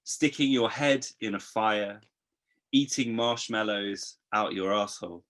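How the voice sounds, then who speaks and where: A man reading his poems aloud, expressive in the verse and hesitant and chatty between poems. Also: fairly low pitch. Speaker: poet. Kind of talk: poetry reading.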